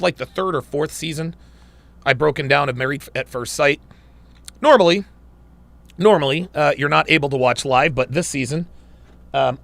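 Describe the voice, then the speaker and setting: Gravelly, bright-voiced male stream host. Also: medium pitch. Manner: emphatic, repeats phrases while building a point. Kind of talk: livestream commentary.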